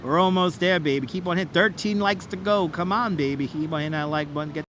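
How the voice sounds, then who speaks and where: In a quick-paced walking-tour livestream on a city bridge, a man chats with viewers and hypes the likes in a repetitive, playful auctioneer style. His voice sits high and comes across bright and forceful. A wireless clip-on mic catches him outdoors, faint traffic audible behind.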